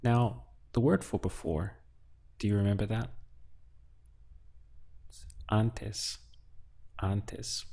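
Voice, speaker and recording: A man teaching a language lesson, slow and patient, quizzing the listener with prompts. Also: on the low side, creaky, dark tone. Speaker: Spanish teacher.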